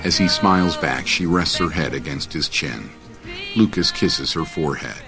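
A man with a very deep voice reads scripted audio description in a steady, measured tone. The film's music plays clearly beneath him. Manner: even, measured narration.

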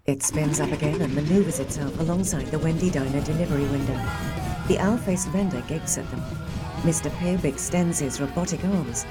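A woman reading scripted audio description of a film in a measured way. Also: low voice, loud music behind the voice.

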